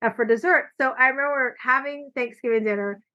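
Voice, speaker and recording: A woman hosting a podcast, chatting casually and telling animated stories, acting out quoted lines, recorded with muffled lo-fi audio. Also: high voice, a little fast. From California. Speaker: podcast host. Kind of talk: casual conversation. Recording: dull lo-fi audio.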